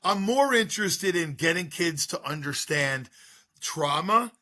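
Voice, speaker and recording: A man's voice: a little high, lively intonation, a little slow, bright, forceful tone. A middle-aged man, a school drug-prevention speaker, telling his story in an interview with earnest, repetitive rhetorical questions.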